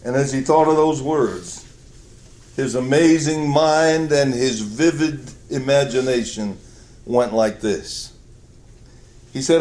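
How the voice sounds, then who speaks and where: A man's voice: medium pitch, slow pace, pauses often, darkish tone. A male preacher delivering a sermon, telling a story with emphatic, storytelling delivery. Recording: echoey church hall.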